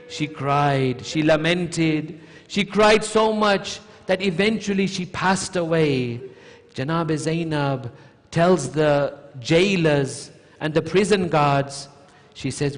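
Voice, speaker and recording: A man preaches an emotional mourning sermon, unhurried and drawn out, with a voice that sits high and climbs higher in pleading passages. His words ring on in the long reverb of a large mosque hall. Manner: slow recited storytelling, rising to high emotional pleading in quotes. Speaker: sheikh giving a majlis lecture.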